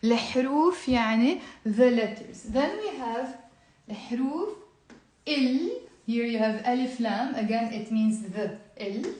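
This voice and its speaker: A woman's voice: on the high side, moderate pace, darkish tone. Chatty woman teaching in an echoey room. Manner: chatty, encouraging, coaxes viewers to repeat aloud. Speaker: Lebanese Arabic teacher. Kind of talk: live-streamed language lesson. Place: indoor room at a whiteboard.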